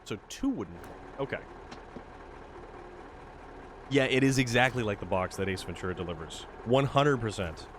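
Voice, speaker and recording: A man's voice: on the low side, lively intonation, a little fast, fairly bright tone, slight background noise. A man streaming a truck game, chatting casually and rambling to himself about his moves. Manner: rambling, self-amused, muttering to himself. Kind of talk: casual gameplay commentary.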